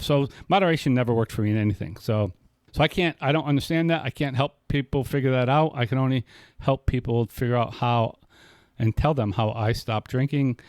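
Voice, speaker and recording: A man's voice: medium pitch, a little mellow, dry recording. A man co-hosting a podcast about sobriety, talking casually in long, rambling stretches full of restarts and retold conversations. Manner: rambling, many restarts, quoting others in dialogue. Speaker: podcast co-host. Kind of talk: casual recovery podcast chat.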